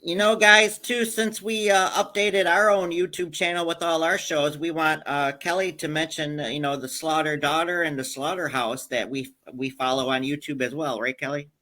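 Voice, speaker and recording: A man's voice: a little high, steady tone, moderate pace, hardly any pauses, bright, forceful tone. A man from Niagara Falls with an upstate New York accent, co-hosting and jumping in with questions. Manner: jumps in with questions, friendly interviewing. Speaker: co-host. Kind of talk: casual chat.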